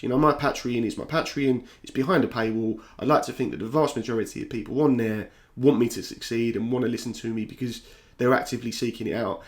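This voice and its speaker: A man's voice: medium pitch, a little mellow. A young man from South London with a South London accent, speaking candidly to camera in a reflective vlog, often stopping to restart his sentences. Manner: candid, restless, repeats himself and restarts. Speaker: YouTuber. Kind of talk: reflective talking-head vlog.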